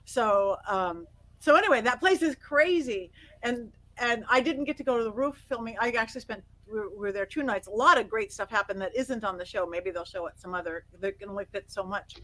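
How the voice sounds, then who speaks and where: A middle-aged woman guest on an interview, telling stories in an animated way, acting out quotes and laughing often. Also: mid-range voice, a little fast, rough recording. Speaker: guest psychic medium. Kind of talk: casual interview storytelling.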